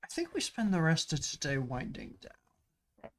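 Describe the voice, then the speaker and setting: A man's voice: a little high, wildly swooping pitch, unhurried, creaky, a bit bright. A man playing in a tabletop game, wry and thoughtful. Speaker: player. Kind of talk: casual tabletop game chat.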